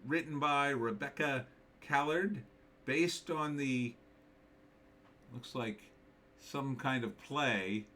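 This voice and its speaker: A man's voice: mid-range voice, takes it slowly, pauses often, bright, forceful tone, a little hiss or hum. A man talking through a movie trailer in casual commentary, thinking aloud and rambling with many fillers. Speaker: screenwriter reviewing a movie trailer.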